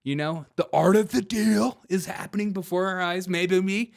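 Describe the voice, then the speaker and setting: A man's voice: sits high, normal speed, vocal fry. A man hosting a livestream of comedic political commentary, brash and sarcastic, laughing often and talking to his chat. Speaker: livestream host.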